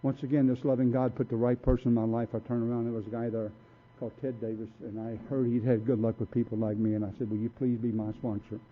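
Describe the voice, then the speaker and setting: A man's voice: medium pitch, level tone, fast talker, hardly any pauses. A man speaking at a recovery meeting, telling his story in a blunt, streetwise way and acting out what people said. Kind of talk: personal story talk. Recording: tinny phone-like recording.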